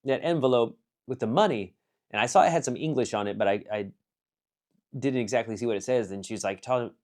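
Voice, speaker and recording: Speaking at medium pitch and a little fast, a man gives a rambling, casual review of an anime film. He fills it with fillers and restarts, shifting from excited bursts to quiet, muttered asides.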